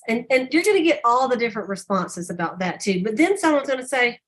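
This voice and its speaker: An older woman leading a sales team call, telling stories animatedly and acting out customers' lines in a higher voice. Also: fast. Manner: animated storyteller, acts out customer dialogue in a higher voice.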